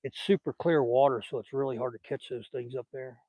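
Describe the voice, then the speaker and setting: A man's voice: mid-range voice, fairly even intonation, a little fast, dark tone, no echo. Older Southern man, folksy fishing chat. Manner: folksy and rambling, chatting while fishing. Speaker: fishing vlogger. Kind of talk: casual outdoor chat. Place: outdoors by a lake.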